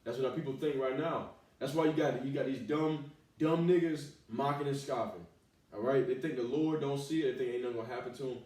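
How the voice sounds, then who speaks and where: A man preaching a fiery sermon in blunt street slang, reading scripture aloud in a loud, emphatic voice. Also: mid-range voice, a little fast. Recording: very echoey room, voice far from the mic.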